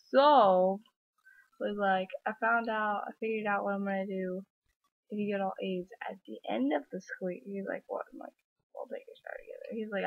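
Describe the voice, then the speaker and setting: A woman's voice: mid-range voice, creaky, no room sound. A teenage girl in a casual daily vlog, rambling through her day and acting out what people said, sounding tired. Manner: rambling storytelling, acts out texts and quotes. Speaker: vlogger. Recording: dry tinny phone-like sound.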